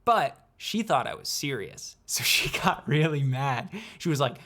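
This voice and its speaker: A young man hosts a casual explanatory vlog at a mid-range pitch. He is playful and unhurried and leaves deliberate pauses between phrases. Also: lively intonation, sharp tone. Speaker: student video creator.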